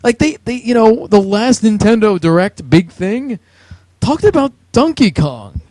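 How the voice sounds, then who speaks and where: A man's voice: sits high, expressive, a little slow, darkish tone, no echo. A man with a New Jersey accent co-hosting a podcast, ranting about video games with heated, sweary, mocking talk. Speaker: podcast co-host. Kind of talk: profane ranting chat.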